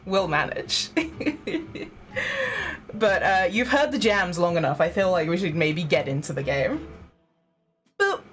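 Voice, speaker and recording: A woman's voice: lowish voice, sing-song, unhurried, pauses often, a bit bright, faint music behind. A young woman streaming a game, chatting casually with viewers, giggling often and poking fun at her own setup. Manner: giggly, chatty, self-deprecating. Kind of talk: casual live-stream chat.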